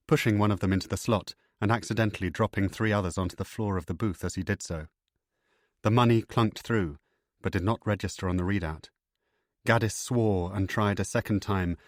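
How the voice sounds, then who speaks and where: A deep male voice narrating a thriller audiobook with measured, steady delivery. The recording is close and dry, with no room sound at all. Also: dry recording.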